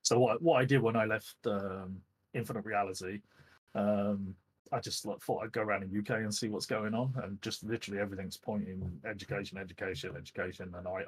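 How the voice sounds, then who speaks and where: A man's voice: lowish voice, breathy edge, poor audio. A middle-aged man from the UK, a guest telling rambling, self-deprecating stories with lots of fillers in a casual interview chat. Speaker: esports director, guest.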